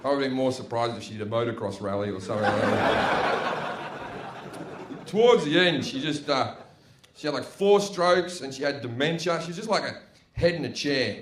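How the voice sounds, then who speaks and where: A man's voice: fairly high pitch, lively intonation, normal speed. A man with an Australian accent doing a brash, profane stand-up comedy set, chatty and full of tag questions, live on stage at a comedy venue. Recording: echoey noisy live room.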